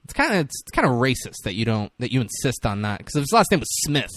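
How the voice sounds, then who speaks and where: A man on a podcast retelling a film scene by scene, his pitch leaping up whenever he gets worked up. He is close on a dry studio mic and keeps switching into quick voices for the characters. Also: dry recording. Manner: animated retelling with quick voice shifts. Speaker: podcast co-host. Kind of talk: casual movie recap chat.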